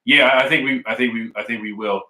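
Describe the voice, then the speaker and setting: Bright-voiced man chatting on a stream. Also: medium pitch, fairly even intonation, brisk, roomy sound, poor audio. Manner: repetitive, emphatic, says "man" and "I really do" often. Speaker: sports fan streamer reading chat. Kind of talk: casual live-stream chat. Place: at home indoors.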